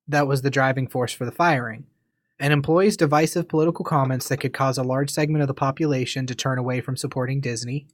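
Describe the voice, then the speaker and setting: A man co-hosting a casual podcast, reading listener comments aloud in an even, deadpan way. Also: medium pitch, no echo, studio quality. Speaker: podcast co-host. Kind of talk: casual chat.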